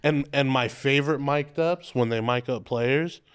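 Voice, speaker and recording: A young man jokes his way through podcast banter and says "dude" constantly. His voice sits at an ordinary middle pitch, and he tells his bits with animated energy. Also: normal speed, smooth. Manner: animated, jokey, lots of "dude". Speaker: podcast co-host. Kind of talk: casual chat.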